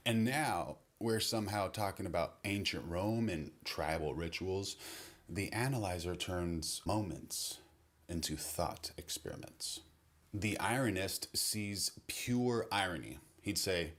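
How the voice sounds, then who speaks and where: A man giving a measured, wry comedy breakdown monologue. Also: low voice. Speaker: comedy commentator.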